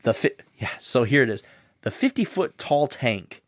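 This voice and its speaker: Casual male co-host from the Midwest, lively pitch, dry close sound, swears and jokes. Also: normal speed, no echo. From American Midwest. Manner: loose, swearing, laughs often. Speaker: podcast co-host. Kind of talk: casual comedic history chat.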